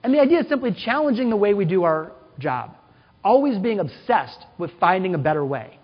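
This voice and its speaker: A man's voice: high-pitched, sing-song, brisk, slightly rough. A man giving a conference keynote, telling stories with quoted voices and questions to the audience. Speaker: keynote speaker. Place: large conference hall. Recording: dull, hall-echoed conference recording.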